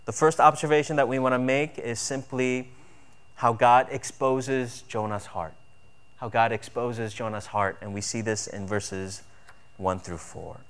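A man preaching a sermon earnestly, with emphatic build-ups on key points. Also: mid-range voice. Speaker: pastor.

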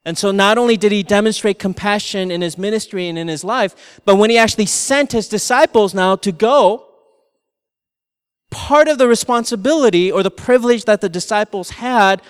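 A middle-aged male pastor telling a family story in a sermon, animated and laughing through his anecdotes. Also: sits high, normal speed, clean tone, big-room sound.

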